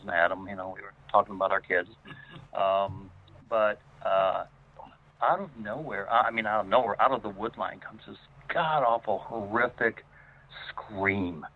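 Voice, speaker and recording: A man telling a personal story as a guest, rambling with many fillers and restarts. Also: on the low side. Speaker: guest paranormal investigator. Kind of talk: casual spoken storytelling. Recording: tinny phone line.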